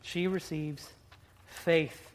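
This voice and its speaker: Pastor mid-sermon, medium pitch, emphatic, stretches words out, with playful asides to the congregation. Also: fairly even intonation. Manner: emphatic, with drawn-out words and sudden loud bursts.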